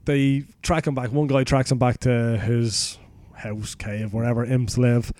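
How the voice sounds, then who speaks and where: A man's voice: medium pitch, level tone, a little slow, a little mellow. Sweary Irish man telling a story. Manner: crude, sweary, rambling retelling. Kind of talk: casual comic storytelling.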